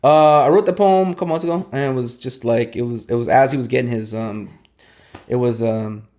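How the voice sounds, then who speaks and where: A man's voice: medium pitch, a little mellow. Man talking through his poetry. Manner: rhythmic, profane spoken-word delivery; reflective, halting conversational talk with many restarts. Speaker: poet, interview guest. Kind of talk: casual interview chat and spoken-word performance.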